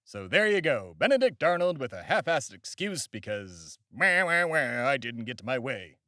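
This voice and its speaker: A man's voice: medium pitch, sing-song, normal speed, bright, forceful tone, dry recording, clean studio sound. Pompous, boastful male comedy host. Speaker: podcast host in a comic persona. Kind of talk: comedic podcast monologue.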